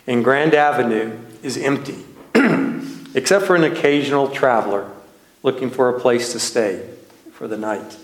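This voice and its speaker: A Texan minister delivers a sermon built around a slow, nostalgic story from his childhood, drawing light laughs. His voice is mid-range, and the low-quality recording was made in an echoey room.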